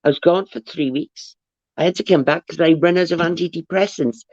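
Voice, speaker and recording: A woman's voice: on the low side, brisk, a little mellow, no echo. A woman hosting a livestream, rambling chattily through viewer comments with frequent restarts. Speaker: livestream host. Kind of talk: casual chat, reading viewer comments aloud. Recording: dull, dry, lo-fi audio.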